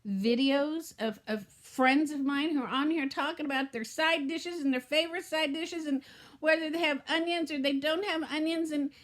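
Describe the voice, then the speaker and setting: A middle-aged woman from Southern California talks casually to camera in a heartfelt vlog, rambling and often trailing off before starting again. She speaks at normal speed in a high-pitched voice.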